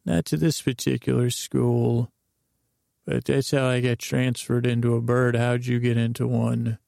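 A man voicing a smug male bird who used to be a grass salesman, in a mild drawling monotone. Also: mid-range voice, a little slow, gravelly, no echo, studio quality. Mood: smug calm.

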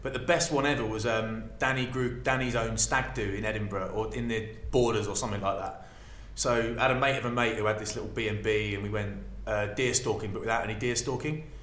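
A man's voice: lowish voice, fairly quick, hardly any pauses. A man from England, a podcast co-host, telling casual stories and acting out what people said. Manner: animated, acts out quotes loudly. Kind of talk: casual storytelling chat. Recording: echoey room, faint background noise.

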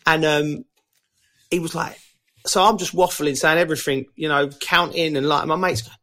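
Chatty man, slightly high voice. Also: steady tone, normal speed, sharp tone. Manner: chatty storyteller, laddish slang, many restarts. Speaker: co-host, former footballer. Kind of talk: casual podcast chat.

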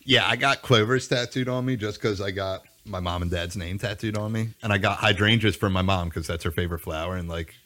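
A man's voice: fairly low pitch, a little fast, hardly any pauses, pushed and bright. A young man chatting casually as a podcast co-host, telling stories in a laid-back, profane way. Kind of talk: casual chat.

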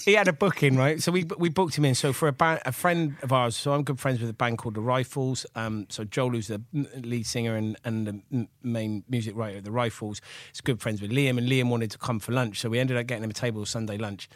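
A man in his forties from England, an animated chef rambling through stories as a podcast guest, with lots of fillers and laughs. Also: mid-range voice, a little fast, few pauses, no room sound. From Gloucester, England. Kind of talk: casual storytelling chat.

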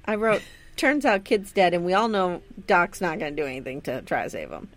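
A woman co-hosting a casual podcast recaps a TV episode, animated and laughing, swearing and acting out quotes. Her voice is fairly low-pitched and fairly quick.

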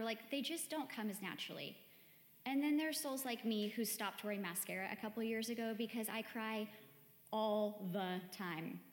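A woman giving a chatty, conversational sermon to a church gathering, often saying "like". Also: a little high. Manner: chatty, warm-hearted, peppered with "like". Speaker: church speaker. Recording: echoey hall with long reverb, faint music.

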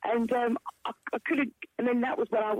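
A middle-aged woman telling stories as a guest in a casual chat, animated and full of swings in her voice. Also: on the high side, a little fast, dry recording. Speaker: guest, stage performer. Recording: tinny phone line, dry.

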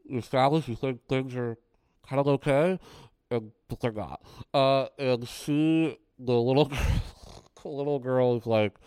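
A man co-hosting a podcast, talking about a film in a loose, animated way with many fillers. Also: medium pitch, clean tone, no echo. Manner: animated, loose, says "like" a lot. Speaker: podcast co-host. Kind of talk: casual film discussion.

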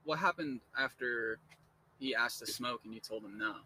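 Husky young man, blunt and indignant. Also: medium pitch, normal speed, bright, forceful tone, low-quality recording. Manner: short backchannels, indignant agreement. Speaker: podcast guest. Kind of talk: casual podcast chat.

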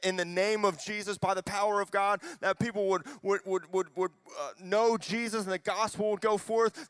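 Impassioned high-voiced male preacher. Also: steady tone, smooth, no echo. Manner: impassioned preaching with rising, near-shouted peaks and quick asides. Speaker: youth pastor. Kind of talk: sermon.

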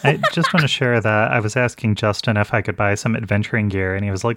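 A man's voice: fairly low pitch, fairly even intonation, quick pace, fairly bright tone, no echo. A man, a player in a tabletop actual-play show, chuckling as he tells a story. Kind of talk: casual anecdote telling.

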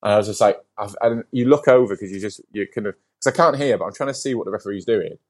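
A man sits in as a podcast guest and tells his story with easy, lively energy. His voice sits a little low, and his talk is loose, with plenty of "like" and the occasional swear word. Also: fast talker. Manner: lively storyteller, heavy use of "like", casual swearing. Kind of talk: casual interview chat.

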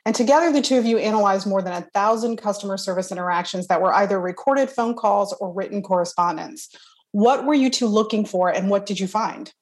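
A woman hosting a podcast, reading a scripted introduction and then asking interview questions in a clear, measured way. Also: medium pitch. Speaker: podcast host.

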